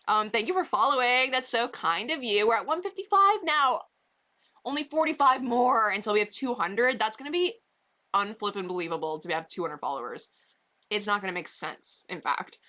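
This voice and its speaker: Brief: chatty woman streamer with a bright, sharp voice, casual and rambling, talking to viewers from her basement. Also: medium pitch. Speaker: livestreamer. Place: basement bedroom.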